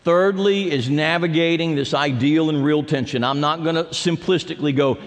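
A man preaching a sermon as pastor, swinging between loud calls and quiet, low asides. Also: expressive, normal speed. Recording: long hall reverb.

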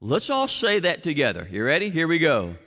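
A man's voice: a little high, wildly swooping pitch, brisk, a bit bright. A male pastor preaching a sermon in church, emphatic and drawn out, leading the congregation to repeat phrases. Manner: emphatic, stretches words for effect, leads the congregation in repeating phrases. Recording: reverberant church hall.

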